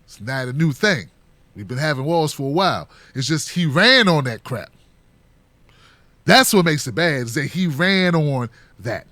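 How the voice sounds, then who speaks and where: A man's voice: a little high, very animated, moderate pace, sharp tone, no room sound. A middle-aged man hosting a casual solo commentary, joking loosely and acting out other people's voices. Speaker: political commentary host.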